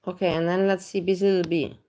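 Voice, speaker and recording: A woman's voice: fairly low pitch, flat delivery, quick pace, mellow. Blunt woman hosting a casual livestream. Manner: blunt, crude, chatty, greets viewers by name. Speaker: livestream host reacting to videos.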